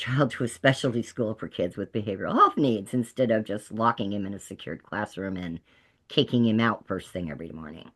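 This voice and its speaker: A middle-aged woman who works as a peer counselor, telling stories to a group in a lively way and acting out the voices of the people she quotes. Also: a bass voice. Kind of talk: storytelling talk to a peer audience.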